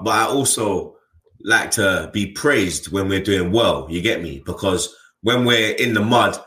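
A man's voice: fairly low pitch, pushed and bright, reverberant. A man, a football fan channel host talking bluntly in casual chat, full of slang and tag questions. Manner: blunt, slangy, keeps adding "you get me".

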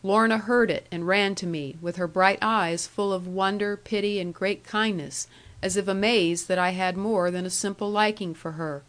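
A woman reads an old novel aloud in the first person, steady and earnest. Her voice sits at a middle pitch for a woman, neither high nor low. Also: normal speed. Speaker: audiobook reader.

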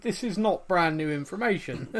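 A man's voice: fairly high pitch, expressive, moderate pace, fairly bright tone. A man hosting a casual podcast, joking around and stumbling over his words. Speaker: podcast host. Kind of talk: casual chat.

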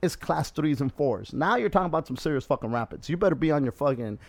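A man's voice: on the high side, fast, creaky, dry recording. A man hosting a podcast, telling a story in casual chat, swearing constantly and acting out what people said. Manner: profane, animated storyteller, acts out quotes. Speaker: podcast host.

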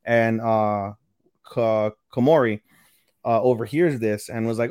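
A man's voice: fairly low pitch, slow, a little mellow, clean tone, no room sound, clean studio sound. A man casually recapping an anime episode on a podcast, rambling, stumbling over names and swearing now and then. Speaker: podcast co-host.

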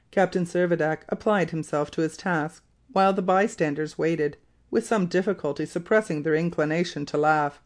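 A narrator reading a classic novel aloud in an even, measured way. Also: mid-range voice. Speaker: audiobook narrator.

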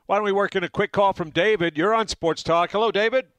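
A man hosting a sports talk radio show, brisk and upbeat as he takes calls and thanks guests. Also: high voice, fairly bright tone, no echo.

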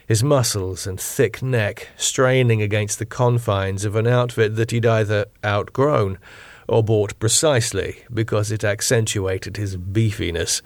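A man narrating his own audio drama in a measured, deliberate storytelling manner. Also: lowish voice, no echo. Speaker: narrator and author.

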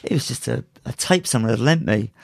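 A man with a gravelly voice, chatting as a podcast guest and drifting through his story with restarts and laughter. His pitch sits in the middle of the range. The recording is dry and close. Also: expressive, fairly quick, no echo. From United Kingdom. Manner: rambling, laughs while telling stories, many restarts. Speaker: podcast guest, martial arts instructor. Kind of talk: casual storytelling.

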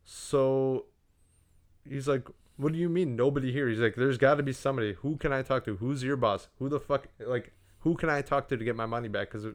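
A man's voice: medium pitch, fairly quick. A young man casually telling a profane story on a podcast, acting out what everyone said.

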